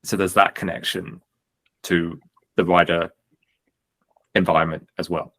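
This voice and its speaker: A man's voice: low-pitched, little pitch movement, unhurried, a bit bright. A man co-hosting a casual tabletop gaming podcast, trading dry joking asides. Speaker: podcast co-host.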